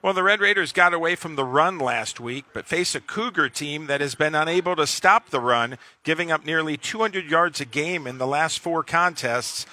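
A man's voice: a little high, normal speed, few pauses, pushed and bright. A man hosting a live radio pregame show, upbeat and announcer-like.

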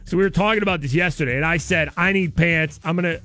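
A man's voice: a little high, fast talker, pushed and bright, faint music behind. A man hosting a radio show, talking in a casual, playful way and laughing often.

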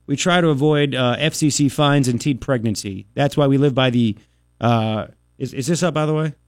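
A man in his thirties hosting a radio talk show, ranting in an animated, sarcastic way with mocking impressions. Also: medium pitch, moderate pace, dry recording, clean studio sound. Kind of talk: opinionated talk radio monologue.

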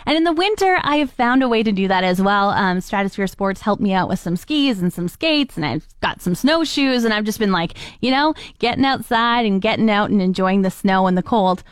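A woman radio host telling everyday stories in a casual, animated monologue, acting out the quoted exchanges. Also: medium pitch, fairly quick, hardly any pauses, smooth, dry recording, studio quality. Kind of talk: chatty monologue with listener call-outs.

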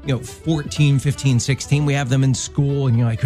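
On a Christian morning radio show, a male co-host trades casual, jokey banter and tells stories into a studio mic. His mid-range voice stays steady at a moderate pace, heard over music.

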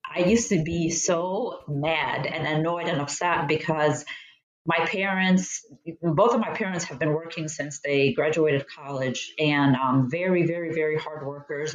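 An earnest woman speaks as a guest on an interview show, thoughtful and sincere as she tells stories from her upbringing. Her voice carries a roomy echo and sounds slightly dull and lo-fi. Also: low voice. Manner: earnest, reflective, quotes her parents. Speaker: guest, police recruitment director. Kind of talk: conversational interview storytelling.

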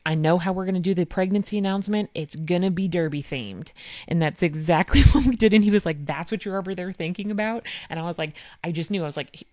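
A woman in her thirties tells a family story in casual chat, animated and full of fillers. Her voice sits a little low. The sound is dry and close. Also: dry recording.

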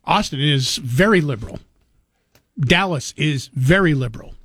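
A talk radio host, a man with a somewhat raised pitch, speaking in an opinionated, conversational manner. His voice is close and dry, with no room sound at all. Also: animated, moderate pace, fairly bright tone, no room sound. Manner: conversational, opinionated, chuckles easily. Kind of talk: talk radio chat taking calls.

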